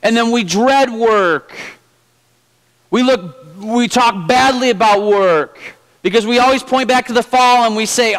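A man's voice: very high voice, a little slow, fairly bright tone, poor audio. A male pastor preaching a sermon in a conversational way with light humor. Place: church.

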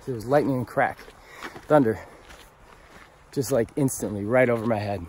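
A man on a long-distance hike telling a story casually, animated and profane, laughing as he goes. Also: medium pitch, moderate pace, a little hiss or hum. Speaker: thru-hiker vlogger. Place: outdoors on a mountain trail.

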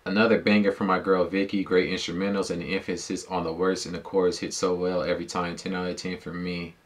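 A man's voice: sits low, little pitch movement, fast talker. A man giving casual reaction commentary on a song as a music YouTuber, laid-back and slangy, thinking aloud with fillers into a dedicated microphone.

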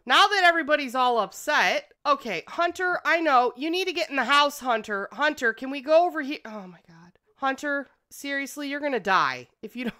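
Excitable high-voiced woman gaming host. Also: a little fast, few pauses. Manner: excitable, exclamatory, bossing her game characters around. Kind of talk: casual let's-play commentary.

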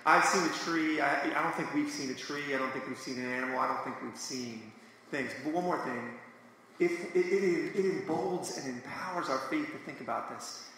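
A man with a bright, forceful voice makes his points with earnest enthusiasm on a live panel. The sound is roomy and reverberant, carried through a large hall, with faint noise in the background. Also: a little high, normal speed. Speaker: panelist, musician. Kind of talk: casual panel discussion.

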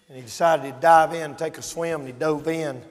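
High-voiced shouting preacher. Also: male voice, fairly even intonation, fairly quick, long reverb tail. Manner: swings from shouting to hushed storytelling. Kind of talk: revival sermon.

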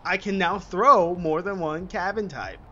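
A man giving live let's-play commentary while gaming, swearing constantly and bursting into angry yells. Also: high-pitched, a little slow, dull audio, a little hiss or hum. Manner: swears constantly, rage outbursts and yelling. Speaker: gamer reviewing a video game. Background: game music.

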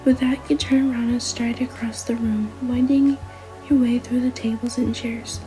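A woman narrates a second-person adventure in a whispered role-play, her voice soft, mellow and slightly high. Faint music plays underneath throughout. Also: little pitch movement, moderate pace, rough recording. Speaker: storyteller.

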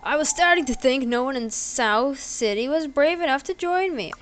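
A woman's voice: high voice, lively intonation, normal speed, slight background noise. A woman voicing a cheerful female adventurer companion in a game, reading the dialogue aloud in a mock-chirpy voice.

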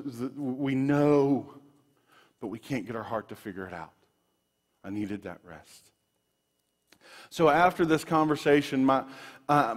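A man preaching a sermon, telling personal stories in an animated way with frequent restarts, in a church sanctuary. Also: medium pitch. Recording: long reverb of a large room.

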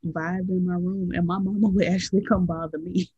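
A woman's voice: lowish voice, flat delivery, dark tone, slightly rough, no room sound. Young woman co-host, sassy drawl, dull dry lo-fi podcast sound. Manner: sassy, drawling, quick to laugh. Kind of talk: casual chat, reading headlines.

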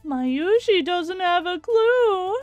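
A woman's voice: extremely high pitch, lively intonation, takes it slowly, a little mellow, dull audio, exaggerated voice. A woman voicing a cheerful, naive teenage girl with a bubbly, sing-song way of talking, reading a visual novel aloud. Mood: sweet. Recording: faint music behind.

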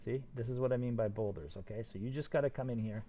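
An older man teaching a 3D modeling tutorial live, talking fast and excitedly while he demonstrates and encourages his students. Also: mid-range voice, lo-fi sound, slight background noise. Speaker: 3D modeling instructor.

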